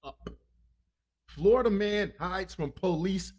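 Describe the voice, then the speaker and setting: A man hosts a comic news podcast in a loose, rambling way, cracking jokes and cursing freely. His voice sits a bit higher than most men's. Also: slow, a little mellow. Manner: rambling, joking, laughs often, profane. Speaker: podcast host. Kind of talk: comic crime news talk.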